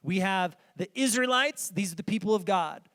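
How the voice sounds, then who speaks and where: A man with a notably high-pitched voice preaches to his congregation in a relaxed, conversational way. He is a pastor in his thirties, weaving a personal story into his sermon and talking straight to the people in the pews. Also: moderate pace. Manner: conversational, addresses congregation directly. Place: church sanctuary.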